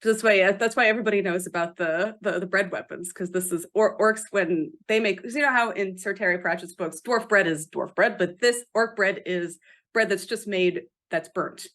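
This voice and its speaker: A woman author chatting as a podcast guest, animated and quick to laugh, emphatic about how words are pronounced. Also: medium pitch. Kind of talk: casual podcast interview.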